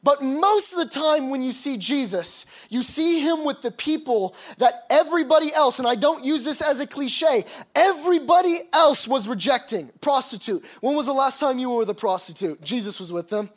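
A man's voice: extremely high pitch, animated, normal speed, few pauses. A man preaching a sermon, reading scripture aloud and then expounding on it with emphatic, rising passages. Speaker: pastor.

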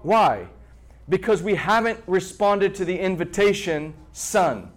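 A man preaching a sermon to a congregation in an animated way, repeating words and pausing for effect. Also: high voice. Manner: animated preaching with repetitions and dramatic pauses. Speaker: pastor.

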